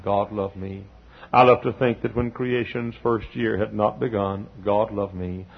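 An older male preacher with a husky, slightly breathy voice, working a sermon in a folksy way. He swells up to near-shouted peaks, then drops to quiet, close asides. The recording is dull and lo-fi, like an old sermon tape. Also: medium pitch. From Texas.

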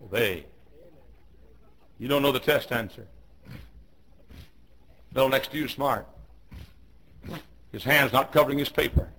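A man's voice: normal speed, pauses often, poor audio. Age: 50s. Sex: man. Role: fiery preacher. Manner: swings from hushed low tones to shouted, rising cries, hammering repeated commands. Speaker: pastor. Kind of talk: fiery sermon. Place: church auditorium.

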